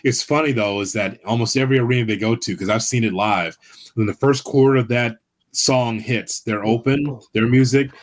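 A man's voice: mid-range voice, moderate pace. A man co-hosting a wrestling podcast in casual chat, giving blunt, opinionated takes. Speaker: podcast co-host.

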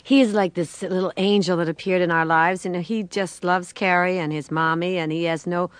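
An older woman, a guest, telling a long story with animated, acted-out voices and laughter. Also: lowish voice, brisk, clean tone, no room sound.

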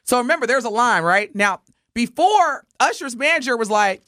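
A woman co-hosting a morning radio show, telling a story in lively chat and acting out the voices of the people in it. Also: fairly high pitch, moderate pace, dry recording, clean studio sound. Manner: animated, acts out voices while telling a story. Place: radio studio.

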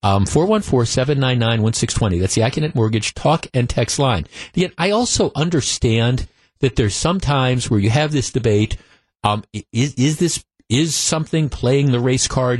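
A man's voice: mid-range voice, a little mellow, no room sound. Stammering male talk radio host. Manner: halting, many stammered restarts. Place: radio studio. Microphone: studio microphone.

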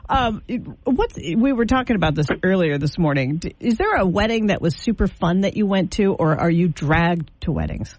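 A woman's voice: fairly low pitch, expressive, normal speed, few pauses, darkish tone, no echo. A woman hosting a morning radio show, chatting casually and teasing her guest with frequent laughs.

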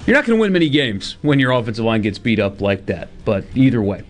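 A male sports radio host talks with a lively, swinging pitch. He plugs the text line and upcoming guests. Faint music sits behind him. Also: fast talker. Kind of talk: sports talk radio chat.

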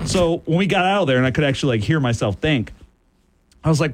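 A man's voice: a little high, fast, dry recording. A man from the American Midwest hosting a casual sports radio talk show, telling stories and laughing often. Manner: animated storyteller, laughs often.

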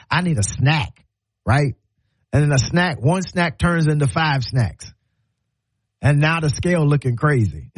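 A man hosts a radio talk show in a slightly high, husky voice. He preaches in a folksy way, laughing often and repeating words to drive a point home. The sound is close and dry. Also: no room sound. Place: radio studio.

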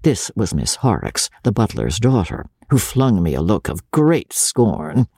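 A man reading a classic first-person novel aloud, expressive and lively. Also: lowish voice, a little slow, breathy edge, no echo, studio quality. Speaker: reader.

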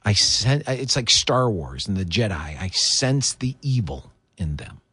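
A man's voice: on the low side, very animated, unhurried, sharp tone, breathy edge, dry recording. A man hosting political talk radio, delivering opinionated commentary in an indignant, emphatic way. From United States.

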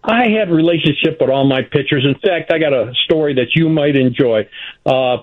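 An older man phones in to a radio show, and his stories come through a thin, tinny phone line. His voice sits a little high, and he gets carried away and laughs as he tells them. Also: moderate pace. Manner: animated storyteller, laughs often. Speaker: former ballplayer guest. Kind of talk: phone-in radio interview storytelling.

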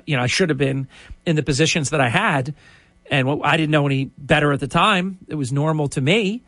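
A man's voice: fairly high pitch, a bit bright, no room sound. Chatty middle-aged man, dry sound. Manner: chatty, rambling with restarts and asides. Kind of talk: casual storytelling monologue.

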